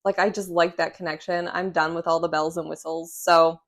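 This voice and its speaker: A woman's voice: on the low side, level tone, normal speed, a bit bright. A woman, a respiratory therapist, talking frankly and reassuringly to her phone camera at home, often checking in with "okay?" and "right?". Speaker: respiratory therapist sharing breathing tips. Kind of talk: casual direct-to-camera vlog. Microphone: phone camera under ring light.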